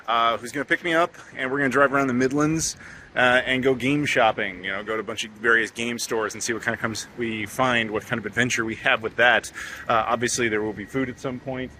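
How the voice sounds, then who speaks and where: A travel vlogger, an American man, chats and jokes his way along town streets in a casual outdoor walking vlog, using plenty of fillers. His mid-range voice is bright and forceful, with a little hiss or hum in the audio.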